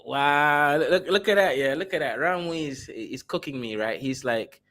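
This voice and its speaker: A man hosting a livestream, giving sarcastic, animated reaction commentary. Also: a little high, normal speed. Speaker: livestream host.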